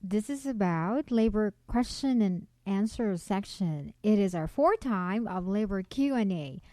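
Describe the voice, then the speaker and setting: A woman's voice: medium pitch, animated, unhurried, dark tone, dry recording. A woman co-hosting a community radio show, asking questions and leading each segment. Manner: asks questions and leads the segments. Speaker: radio co-host. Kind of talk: radio chat.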